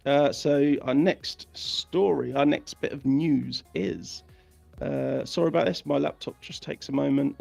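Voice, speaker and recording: A host with a heavily gravelly, slightly raised voice rants through the news, swearing and repeating himself. Faint music plays underneath. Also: male voice, a little high, dark tone. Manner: angry, profane, repetitive, halting. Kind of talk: ranting news commentary.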